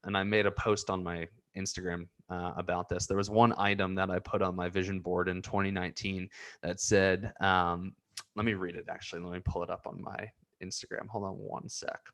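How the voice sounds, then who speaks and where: A man's voice: low voice, flat delivery, brisk, a bit bright. Earnest, emotional man rambling on camera. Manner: emotional, earnest, repeats himself. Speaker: vlogger. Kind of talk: rambling personal vlog.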